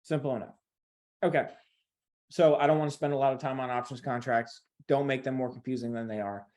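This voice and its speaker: Male trading instructor, mid-pitched, casual and chatty screen-share delivery. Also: steady tone, a little fast, darkish tone. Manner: conversational and repetitive, addresses viewers directly.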